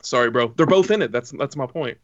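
A man's voice: mid-range voice, lively intonation, brisk, fairly bright tone, dry recording, recorded from a distance, highs cut off. A man co-hosting a casual podcast chat, rambling and joking as he sets up the topic. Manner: rambling, joking, mimics other fans. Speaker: podcast co-host.

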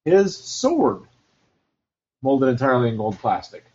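A man's voice: medium pitch, wildly swooping pitch, a little slow, mellow. A man chatting on a podcast, telling stories with dry joking asides. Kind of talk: casual chat about retro cartoons and toys. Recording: dull lo-fi sound.

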